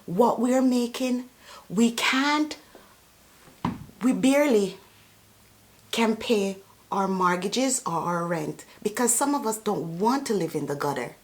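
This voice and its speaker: A woman's voice: mid-range voice, lively intonation, slow, pauses often, slight background noise. A woman who works as a personal support worker, giving an indignant, emphatic political rant to camera, repeating words for emphasis. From immigrant to Canada.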